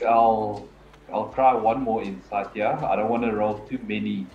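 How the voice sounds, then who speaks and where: A man with a lowish voice playing a tabletop game, hesitantly describing what his character does and says. The recording is muffled and roomy, with faint music underneath. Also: steady tone, normal speed, very noisy. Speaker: player.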